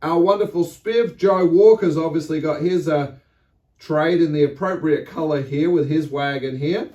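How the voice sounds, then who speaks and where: A man's voice: a little high, moderate pace, mellow, dull audio. A man hosting a model railway unboxing vlog, chatty and enthusiastic, with theatrical exclamations. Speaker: model railway channel host.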